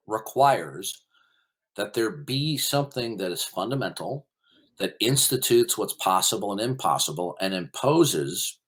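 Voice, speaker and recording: A man hosting a heated online voice-chat debate, lecturing emphatically and interrupting with repeated questions. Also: on the low side. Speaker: debate host.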